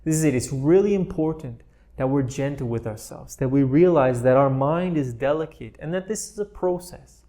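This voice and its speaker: A man teaching a meditation class in a gentle, playful way, often laughing softly as he explains. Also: mid-range voice, moderate pace.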